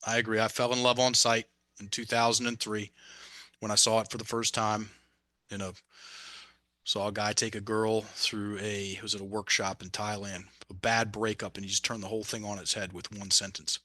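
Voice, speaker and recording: Bright-voiced man telling a story. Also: lowish voice, moderate pace, no echo. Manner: animated storyteller, restarts phrases, drops to near-whisper at times. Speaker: podcast guest, mindset coach. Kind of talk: casual conversation.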